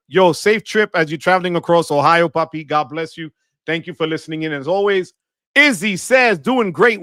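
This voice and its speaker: A man hosting a live stream, greeting viewers one by one in an energetic, slangy way with Spanish words mixed in. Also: high voice, no echo, clean studio sound. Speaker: livestream host.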